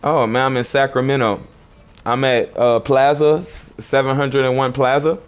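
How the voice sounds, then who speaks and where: A man's voice: medium pitch, little pitch movement, moderate pace, clean tone. A man on a livestream, arguing with chat commenters in a preachy, confrontational way and repeating his phrases.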